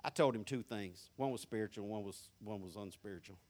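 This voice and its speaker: A pastor with a Southern country accent preaching a folksy, mocking sermon, swinging from hushed asides to loud hooping. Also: male voice, on the low side, fairly quick.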